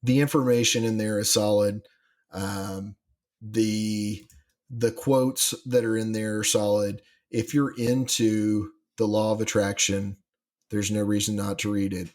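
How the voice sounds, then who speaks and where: A man's voice: on the low side, flat delivery, a little slow, darkish tone. A man co-hosting a podcast in casual chat, rambling with many fillers and restarts. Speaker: podcast co-host.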